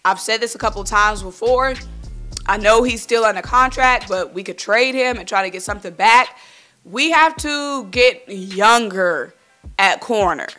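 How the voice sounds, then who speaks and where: A woman from talks football in a casual vlog, blunt and animated as she addresses her viewers directly. Her voice is bright and forceful at an ordinary pitch, and soft music plays faintly underneath. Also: measured pace. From Philadelphia. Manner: animated, worked-up, blunt, speaks to viewers as y'all. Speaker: sports vlogger. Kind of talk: casual sports opinion vlog.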